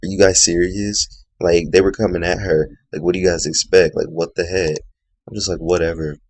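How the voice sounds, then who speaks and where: A man's voice: sits low, little pitch movement, brisk, darkish tone, slightly rough. A man giving a casual, opinionated video review of a reality show, rambling with plenty of "you know" and "like".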